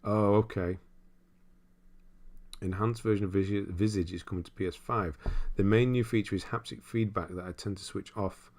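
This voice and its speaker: A young man with a deep, low-pitched voice hosts a relaxed livestream. He reads out viewer comments and muses on them in a loose, rambling way, chuckling often as he goes. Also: normal speed. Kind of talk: casual live-stream chat.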